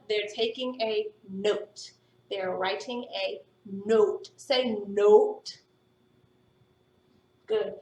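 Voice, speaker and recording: A woman teaching a phonics lesson to young students, patient and encouraging, sounding words out slowly. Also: medium pitch, a little hiss or hum. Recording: echoey room, voice from a distance.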